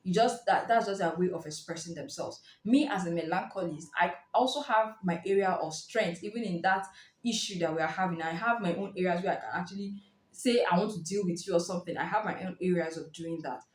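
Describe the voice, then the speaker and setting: A woman's voice: lowish voice, fairly quick. Woman reviewing a book in a roomy echo. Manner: lively, explanatory, acts out short quoted reactions. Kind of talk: casual spoken book review.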